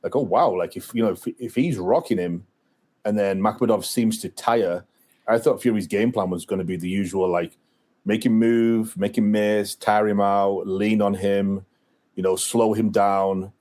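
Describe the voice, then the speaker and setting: Low-voiced man in casual boxing chat. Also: steady tone, a little slow, warm tone. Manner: rambling, many fillers and restarts. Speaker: podcast co-host.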